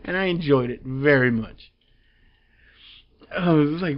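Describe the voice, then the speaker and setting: A man's voice: on the high side, a little slow, pauses often, lo-fi sound. A man reviewing a comic book in casual chat, rambling through the plot with fillers and chuckles.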